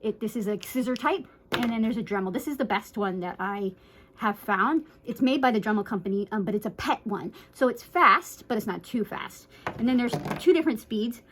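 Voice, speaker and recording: This slightly high, animated female voice belongs to a dog groomer walking through a laid-back how-to demo against a noisy background. Reassuring and talkative, she keeps asking "right?" and has fun playing a nervous dog, switching into quick, frightened little voices.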